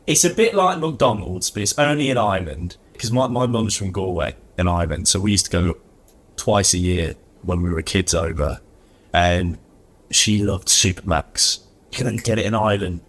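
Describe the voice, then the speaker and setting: A man talking casually as a podcast guest, telling stories in a chatty, self-deprecating way with a husky voice. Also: deep voice, normal speed, fairly bright tone. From England. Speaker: guest, coffee reviewer.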